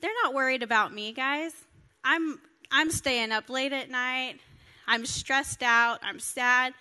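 Woman preacher, sermon with scripture reading, high-ish bright tone, earnest and direct. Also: slow, clean tone. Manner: earnest, emphatic, talks directly to listeners.

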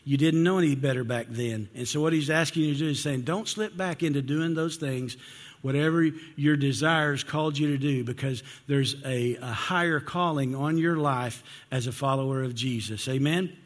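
An older man, a grandfather and pastor, preaching a sermon to his church in an animated way, voicing the people he quotes and calling for responses. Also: mid-range voice, normal speed. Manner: animated, acts out quoted voices, asks for responses. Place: church sanctuary. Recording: long hall reverb.

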